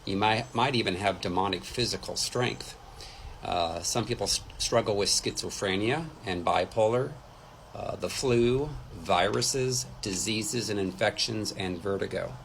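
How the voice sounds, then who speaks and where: A man's voice: lowish voice, unhurried, vocal fry, fairly bright tone, a little hiss or hum, low-quality recording. A man teaching from the Bible like a sermon, reading passages aloud and adding his own asides. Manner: reads scripture aloud with asides, some hesitant fillers. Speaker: deliverance minister.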